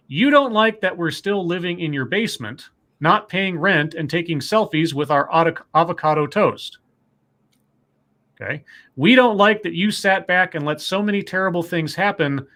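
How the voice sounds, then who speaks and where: His voice sits a little high and sounds slightly bright. He co-hosts a laid-back talk stream, reading news items and viewer messages out loud, quoting them and fixing his own slips along the way.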